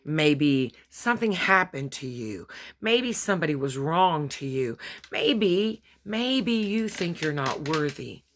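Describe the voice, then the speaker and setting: A woman delivers a short devotional sermon in an earnest storytelling manner. Her voice is bright and forceful, and she dramatizes the scenes as she tells them. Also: low voice. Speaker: preacher.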